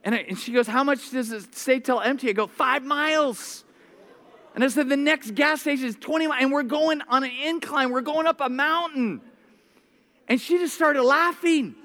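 A man preaching a sermon as a pastor, telling stories with lively acted-out voices and often repeating words as he starts sentences. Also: very high-pitched, fairly quick. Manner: animated storytelling, acting out voices.

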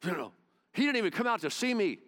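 A preacher doing a proud army captain, high and indignant. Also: male voice, sing-song, fast talker, fairly bright tone. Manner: indignant, ranting.

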